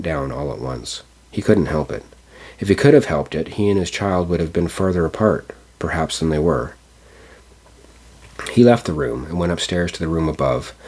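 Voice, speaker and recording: A man narrating a classic storybook aloud, measured, with small stumbles. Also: deep voice, darkish tone. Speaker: audiobook narrator. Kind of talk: storybook reading.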